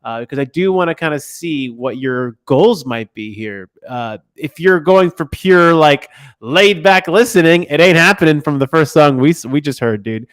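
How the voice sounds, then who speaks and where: A man's voice: fairly high pitch, lively intonation, moderate pace, fairly bright tone, no echo, clean studio sound. A man hosting a casual livestream, giving loose, rambling feedback on listeners' music. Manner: loose, rambling, frequent restarts and fillers.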